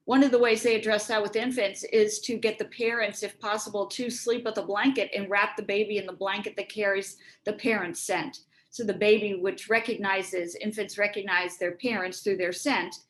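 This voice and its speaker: A woman's voice: mid-range voice, poor audio. A woman giving an earnest, reflective workshop talk, acting out bits of dialogue as she explains, speaking over a video call. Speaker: speaker on resilience and relationships.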